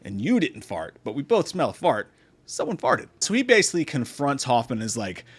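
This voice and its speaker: A man's voice: mid-range voice, wildly swooping pitch, brisk, husky. A man giving a casual comedic film review, sarcastic and profane, who often slips into mocking impressions. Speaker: movie review host.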